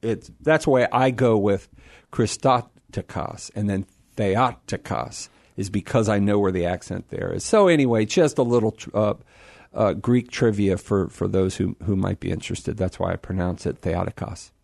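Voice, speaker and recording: A man speaking as a guest on a radio show, explaining things in an animated, self-deprecating way. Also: fairly low pitch, normal speed, gravelly, no room sound, clean studio sound. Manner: animated, explanatory, laughs at himself. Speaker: guest, apologist.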